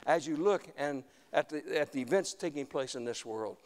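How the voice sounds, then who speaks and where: Guy preaching in church, kinda high voice, gets loud then quiet, lots of echo off the hall. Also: lively intonation. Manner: earnest preaching, swings between loud emphatic lines and quiet asides; reads scripture slowly in old-fashioned wording. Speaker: pastor. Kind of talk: sermon. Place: church sanctuary. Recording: long church hall reverb.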